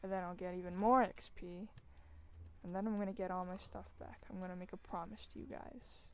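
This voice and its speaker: A woman hosting a gaming video, chatting casually as she plays. She mocks herself and breaks into loud, excited exclamations. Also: on the low side, fairly quick. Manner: excitable, self-mocking, bursts into loud exclamations. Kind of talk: casual gameplay commentary. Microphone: desk microphone while gaming.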